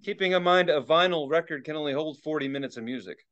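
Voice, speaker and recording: A middle-aged man chats on a podcast, his voice sitting a little high and coming through dull and lo-fi. He gets excitable, swears a lot and keeps restarting his sentences as he rambles. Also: quick pace. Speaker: podcast co-host. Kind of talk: casual chat. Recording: dull lo-fi sound.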